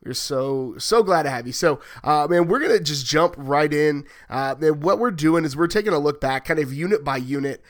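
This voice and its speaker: A man's voice: on the high side, lively intonation, normal speed, hardly any pauses. A man hosting a sports podcast, chatty and joking, who asks long rambling questions. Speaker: podcast host. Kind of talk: casual sports podcast chat.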